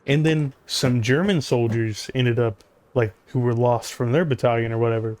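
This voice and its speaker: A man chats casually over a video game at a middle pitch. He rambles and stumbles through his story and drops in dry, sarcastic jokes. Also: fairly even intonation, moderate pace, a little mellow, no room sound. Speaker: gaming YouTuber. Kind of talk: casual commentary over gameplay.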